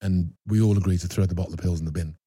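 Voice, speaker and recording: A man with a very low, dark, husky voice talks through a painful memory. He halts often, repeats words and restarts his sentences. The sound is dry and close. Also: fairly even intonation, very fast, dry recording. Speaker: actor guest. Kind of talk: candid personal storytelling.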